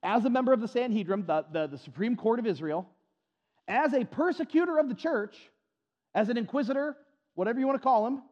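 A man's voice: very high voice, darkish tone, long reverb tail, dull audio. A man preaching a sermon as pastor, emphatic and repetitive, with folksy humor and stuttered restarts.

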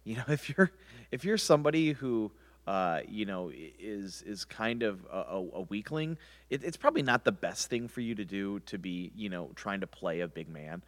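A man's voice: on the low side, expressive, normal speed. A man teaching a Bible passage verse by verse in a rambling, conversational way with many restarts.

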